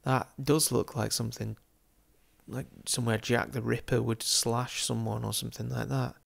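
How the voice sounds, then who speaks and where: A chatty Englishman with a gravelly edge talks casually as he tours a city on screen. He is amused and laughs often, dropping jokey asides at mid pitch. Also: flat delivery, moderate pace. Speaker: football game YouTuber. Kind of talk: casual commentary over a virtual street tour.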